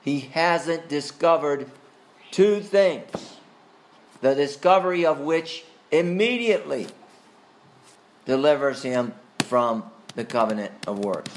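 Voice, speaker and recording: A man's voice: a little high, animated, slow, pauses often, a little hiss or hum. A man leading a church catechism class in a Bible study teaching style. He keeps calling on students with questions, with plenty of hesitant "uh"s and "um"s in between. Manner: questioning, calls on students by name; hesitant, with frequent fillers.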